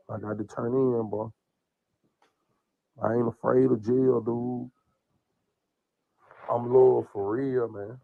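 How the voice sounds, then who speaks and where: A man's voice: mid-range voice, vocal fry, no echo, narrow, tinny audio. A man, crying and rambling in an emotional, profane livestream rant. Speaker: man under investigation speaking on a livestream.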